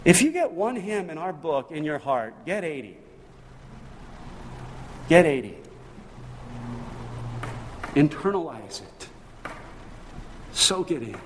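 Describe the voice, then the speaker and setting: A man's voice: a little high, sing-song, measured pace, big-room sound, a little hiss or hum. A male pastor preaching a sermon in a church, emphatic and full of rhetorical questions. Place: church sanctuary.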